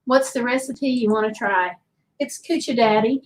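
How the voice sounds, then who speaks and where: A woman's voice: a little high, normal speed, a little hiss or hum, low-quality recording. A woman with a Southern accent hosting a casual livestream, chatting loosely and reading viewer comments aloud. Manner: chatty, rambling, reads chat comments aloud. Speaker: livestream host.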